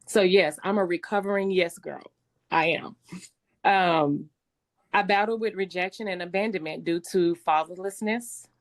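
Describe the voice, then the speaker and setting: A middle-aged woman with a slightly raspy voice, telling her life story as a guest speaker in a conversational way, with many fillers and restarts. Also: on the low side, moderate pace. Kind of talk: personal testimony talk.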